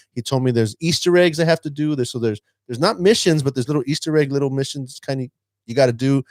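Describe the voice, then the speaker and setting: Brief: male podcast co-host, teacher, lively storyteller, dry sound, middle pitch. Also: no room sound. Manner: animated, acts out a student's lines. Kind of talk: casual storytelling chat.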